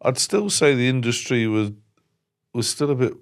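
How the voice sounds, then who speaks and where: A man's voice: medium pitch, animated, moderate pace, clear, resonant tone. A man in his sixties hosting a podcast, chatting casually in a rambling, jovial way with frequent restarts. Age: 60s. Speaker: podcast host. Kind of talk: casual interview conversation.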